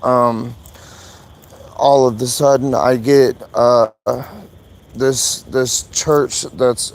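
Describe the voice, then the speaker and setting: A man live streaming from his phone outdoors, rambling and halting, full of fillers and swearing. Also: mid-range voice, steady tone, a little hiss or hum, low-quality recording. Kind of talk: emotional casual live stream monologue.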